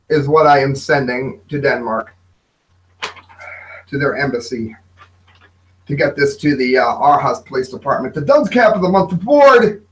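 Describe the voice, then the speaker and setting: A man hosting an opinion commentary show, mocking and sarcastic, with sudden shouted outbursts. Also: on the high side, animated, moderate pace, slight background noise, rough recording. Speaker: host.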